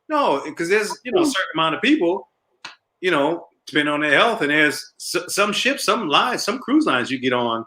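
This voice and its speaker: A middle-aged male comedian tells stories in a casual interview, animated and laughing at his own jokes. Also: on the high side, normal speed. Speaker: comedian guest. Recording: roomy echo.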